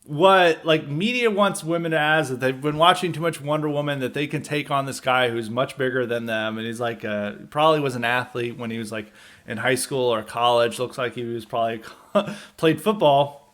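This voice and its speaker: A man's voice: medium pitch, normal speed, fairly bright tone. A man hosting a podcast, talking through a story in a rambling, scornful monologue full of "like" fillers. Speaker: podcast host. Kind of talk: casual commentary monologue.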